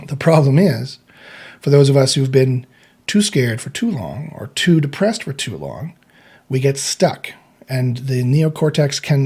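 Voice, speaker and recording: A man's voice: medium pitch, mellow, breathy edge. A man teaching meditation concepts in a loose, rambling talk, often restarting and acting out inner self-talk. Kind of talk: unscripted explanatory talk.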